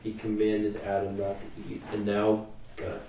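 Study-group man: deep, monotone, mellow voice, heard from across an echoey room. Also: unhurried, gravelly. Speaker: Bible study participant. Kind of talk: group discussion. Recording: echoey room, far from mic.

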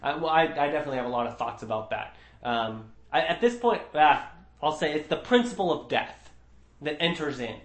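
A man's voice: fairly high pitch, animated, fairly quick. A man teaching a Bible study group, earnest and emphatic, often restarting his sentences. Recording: roomy echo.

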